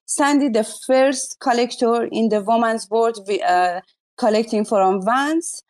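A woman's voice: on the high side, a little slow, a little mellow. A woman hosting a live audio chat, effusive and exclaiming often, speaking in broken non-native English.

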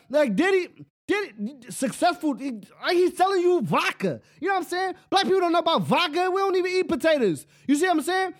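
A man with a very high voice hosts his own show and rants in a loose, rambling way. He keeps asking if you follow him and often laughs at his own jokes. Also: brisk, few pauses. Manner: rambling, animated, repeats "you know what I'm saying". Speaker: podcast host. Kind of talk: solo casual rant.

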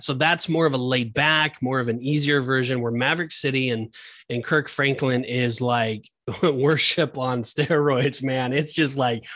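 A man's voice: mid-range voice, a bit bright, no echo, studio quality. A man co-hosting a podcast in casual chat, enthusiastic and rambling, full of fillers. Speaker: podcast co-host.

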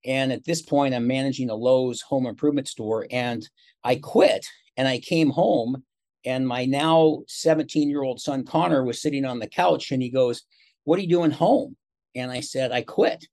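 Man, 60s, motivational speaker guesting on a podcast; chatty storyteller, voice of middling pitch. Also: normal speed. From Seattle, USA. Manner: chatty, animated storyteller with quoted dialogue. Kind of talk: casual interview storytelling.

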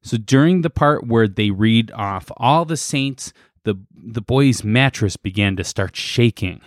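A podcast co-host with a mid-range voice and lively intonation casually recounts a story at an unhurried pace, with fillers and laughs. The studio sound is clean, with no room echo.

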